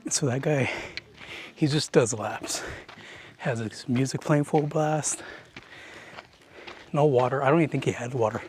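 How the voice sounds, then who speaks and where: A man's voice: medium pitch, unhurried, long pauses, darkish tone. A young man chatting his way up a mountain trail, narrating a hiking vlog into a handheld camera in a rambling, filler-heavy way. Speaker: hiking vlogger.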